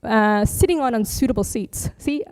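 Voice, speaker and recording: Her voice a little high with a darkish tone at a moderate pace, a Buddhist nun leads a dharma workshop using slides. The talk is chatty and full of jokes, and she laughs frequently.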